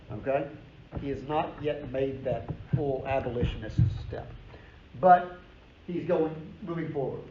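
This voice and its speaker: Man, professor lecturing a class, energetic and emphatic, casual asides, echoey room, faint noise. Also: medium pitch, a little slow. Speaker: history professor. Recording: roomy, dull lecture recording with faint noise.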